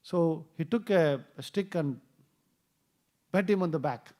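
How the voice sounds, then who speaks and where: A man's voice: a little high, measured pace, darkish tone. A man giving a temple class, telling a story and acting out the quoted dialogue with a rising voice. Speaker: temple speaker. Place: temple hall.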